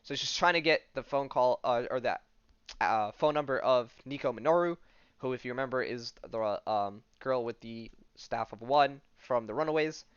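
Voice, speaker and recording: A man's voice: mid-range voice, moderate pace, a bit bright, smooth, dry recording, dull audio. Rambling man recapping a comic. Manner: rambling, full of "like" and "um", paraphrases dialogue loosely. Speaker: podcast host. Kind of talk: casual comic-book recap.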